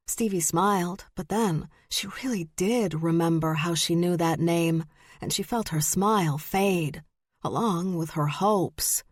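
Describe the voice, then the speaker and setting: A woman narrating an audiobook in a measured, deliberate way. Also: lowish voice, darkish tone, no room sound, clean studio sound. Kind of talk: scripted narration.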